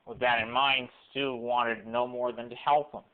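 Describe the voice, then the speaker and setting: A young man talks through a rambling vlog monologue at an even, middling pitch, stopping and restarting his thoughts. The sound is thin and weak, recorded on a cell phone camera. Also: clean tone, phone-quality sound. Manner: halting, full of restarts and fillers. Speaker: vlogger.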